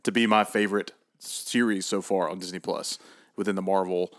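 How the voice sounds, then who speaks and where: A man with a lowish voice co-hosts a casual podcast. He speaks in a measured way and often chimes in with short agreeing remarks. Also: steady tone. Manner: measured, frequent agreeing interjections. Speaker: podcast co-host.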